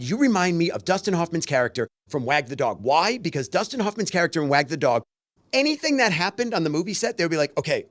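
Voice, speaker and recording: A man's voice: fairly high pitch, no room sound, studio quality. A man co-hosting a casual podcast chat, telling stories and acting out the voices of the people in them. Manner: animated storyteller, acts out quoted voices. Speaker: podcast co-host.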